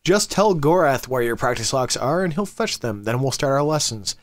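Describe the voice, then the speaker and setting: A man's voice: medium pitch, animated, normal speed, a little hiss or hum, lightly acted. A man voicing a confident, wry young male squire who speaks politely but firmly.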